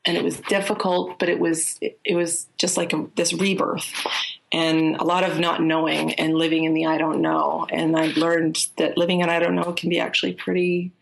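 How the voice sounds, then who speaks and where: A woman's voice: moderate pace, vocal fry, a little hiss or hum. A woman, a life coach, telling stories in a casual interview, rambling with restarts and acting out what people said. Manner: animated, acts out quoted people in a higher voice.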